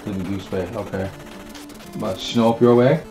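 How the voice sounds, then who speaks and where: Gravelly-voiced Newfoundland man chatting. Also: lowish voice, steady tone, normal speed. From Newfoundland, Canada. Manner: chatty, repeats words when starting sentences. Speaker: guest co-host. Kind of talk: casual chat on a game stream. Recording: echoey room with game music.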